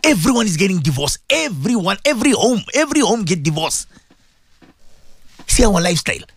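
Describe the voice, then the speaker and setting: A man's voice: high voice, very animated, brisk, breathy edge, no echo. A man giving an impassioned radio sermon, hammering home repeated rhetorical questions to his listeners. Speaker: radio presenter giving Islamic advice.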